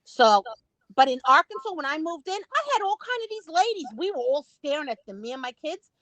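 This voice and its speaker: An older woman with a New York accent, chatting casually on a livestream and telling lively stories. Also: sits high, fairly quick, dry recording, poor audio. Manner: animated storyteller who acts out quotes. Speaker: guest on a livestream. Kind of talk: casual chat.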